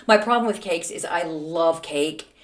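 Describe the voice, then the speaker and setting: A woman's voice: sits low, a little slow. A middle-aged woman hosting a podcast, telling a story in a chatty, self-mocking way. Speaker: podcast host. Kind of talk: casual solo storytelling.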